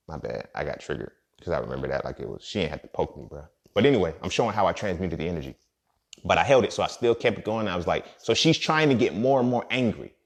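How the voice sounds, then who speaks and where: A man's voice: sits low, sing-song, quick pace, gravelly. A young man talking casually on his podcast in a streetwise, profane way, often asking "you feel me". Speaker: podcast host. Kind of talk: casual monologue.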